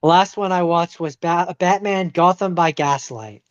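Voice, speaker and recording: A podcast co-host in casual chat, hesitant and filling pauses with ums. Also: mid-range voice, clean tone, dry recording. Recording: dull dry sound.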